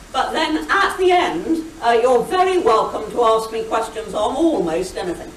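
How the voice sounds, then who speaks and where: A woman's voice: on the high side, a little hiss or hum. An older woman giving a witty, anecdotal talk as guest speaker, recorded from a distance in a hall over a video call. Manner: brisk, witty storyteller, mimics shouted quotes. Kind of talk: anecdotal after-dinner talk. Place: meeting hall.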